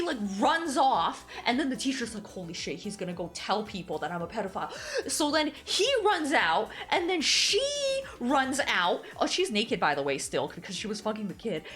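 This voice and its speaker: A woman streamer chatting casually, animated and giggly, who swears freely as she retells a story. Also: high voice. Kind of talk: casual chat.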